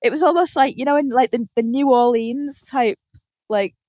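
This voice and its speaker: A woman's voice: high voice, moderate pace, warm tone, dry recording. A woman hosting a podcast, telling a story in casual chat with lots of laughter and freely swearing. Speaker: podcast host.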